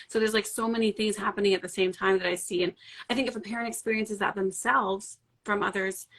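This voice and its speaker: A woman with a bright, clear-edged voice talks gently and thoughtfully, winding through her points in a casual live chat. Her pitch is average for a woman. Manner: thoughtful, gentle, rambling with restarts. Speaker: parenting and trauma support speaker.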